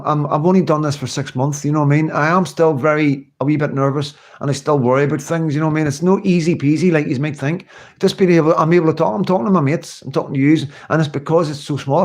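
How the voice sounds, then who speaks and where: A man's voice: on the high side, a little mellow. A man hosting a live stream, chatting casually and earnestly to his viewers, rambling, repeating himself, swearing in passing and answering their comments. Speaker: livestream host.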